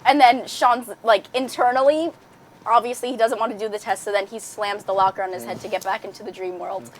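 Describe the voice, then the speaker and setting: A woman's voice: mid-range voice, fairly even intonation, fairly quick. A young woman hosting a casual chat with friends, telling a story with frequent giggles. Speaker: podcast host.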